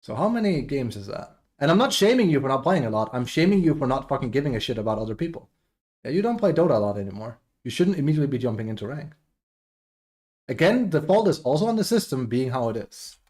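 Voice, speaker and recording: A man's voice: mid-range voice, sing-song, fast talker, darkish tone. A man streaming a game, ranting bluntly and with plenty of swearing in a casual, exasperated way. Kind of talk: casual live-stream rant.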